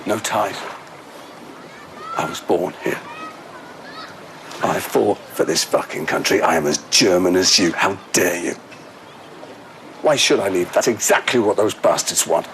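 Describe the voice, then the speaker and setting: A bitter, deep-voiced man. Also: a bit bright, slight background noise, exaggerated voice. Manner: angry, slow, cursing. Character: bitter man refusing to leave his homeland.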